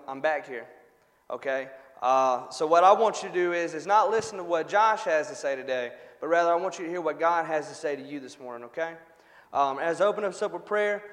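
Halting folksy preacher, high voice. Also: male voice, a bit bright. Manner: folksy, halting, frequent "all right?" check-ins. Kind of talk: sermon with prayer and joke. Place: church sanctuary. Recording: long reverb of a church hall.

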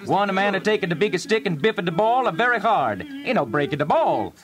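A man's voice: high voice, very animated, brisk, a crowd in the background. A man playing a chatty immigrant man who tells a rambling story in broken English, on a comedy radio show. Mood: boastful.

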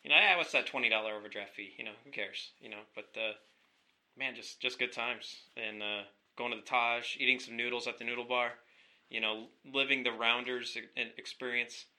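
A young man, a podcast guest, reminiscing in halting casual chat full of fillers and blunt swearing. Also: medium pitch, flat delivery, pushed and bright.

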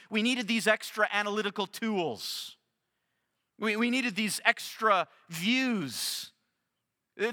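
A man preaching in a high, very bright voice that rings out with long reverb around him. He speaks earnestly, slowing down to stress key words and often restarting his phrases. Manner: earnest, with frequent restarts and slow emphatic phrasing. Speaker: pastor. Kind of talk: expository sermon.

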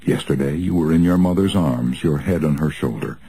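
A man reading a nonfiction audiobook aloud in an earnest, measured way with expressive rises. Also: extremely low pitch, slight background noise, poor audio. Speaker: audiobook narrator.

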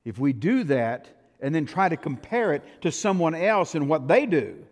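A male pastor tells a sermon story with a fairly high voice, lurching from loud punches to near-whispers. The sound lingers in a long, echoing hall. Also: big pitch swings, normal speed. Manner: dramatic, swings from loud to hushed. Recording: reverberant hall.

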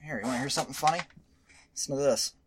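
A man hosting a podcast in casual chat, rambling, animated and profane. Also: medium pitch, rapid-fire, a little hiss or hum. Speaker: podcast host.

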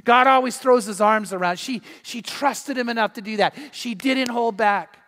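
Brief: male pastor, sermon delivery, higher voice, storyteller who acts out quotes, big echoing hall. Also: normal speed, fairly bright tone.

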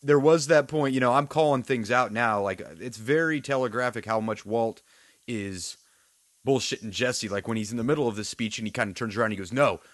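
A man's voice: mid-range voice, a little fast, dry recording. A man co-hosting a casual chat, recapping a TV episode and acting out lines from it. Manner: relaxed, acts out character quotes. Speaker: podcast co-host.

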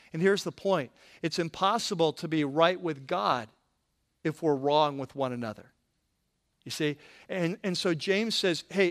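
A man's voice: a little high, a bit bright. Man preaching in a conversational sermon. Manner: conversational preaching, frequent restarts. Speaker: pastor.

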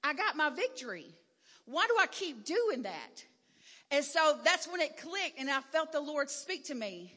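Bright-voiced woman preaching in a reverberant hall. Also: sits high, very animated, measured pace. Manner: candid, emphatic, rising to loud declarations. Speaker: preacher giving a testimony. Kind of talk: sermon testimony.

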